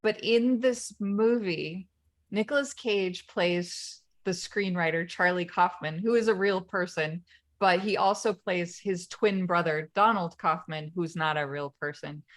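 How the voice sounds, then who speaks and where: A woman's voice: lowish voice, a little slow. Chatty woman retelling a movie scene. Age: parent of children. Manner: rambling storyteller, laughs often, retells scenes. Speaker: podcast co-host. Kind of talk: casual conversation.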